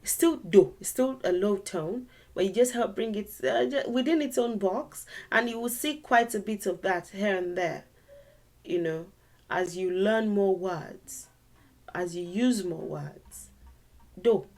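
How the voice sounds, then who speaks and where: Slow, patient woman teaching. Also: medium pitch. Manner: patient, repeats words slowly and sings tone syllables. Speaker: language teacher. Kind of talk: online language lesson.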